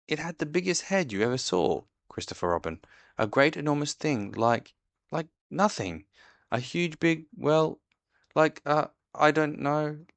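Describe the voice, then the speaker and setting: A man voicing a tiny, frightened piglet in a storybook reading, with shrill panicky cries and stammering. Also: fairly bright tone, breathy edge, no room sound.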